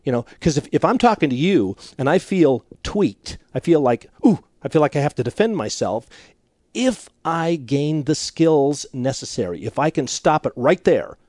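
A man's voice: fairly high pitch, sing-song, normal speed, a little mellow, dry recording, clean studio sound. A middle-aged man and marriage counselor, a radio interview guest who talks animatedly, laughs often and restarts his sentences.

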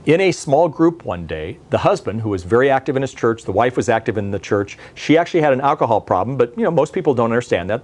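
A man's voice: medium pitch, darkish tone. A male pastor giving a televised sermon from a studio, telling a story in a conversational way and asking the listeners questions.

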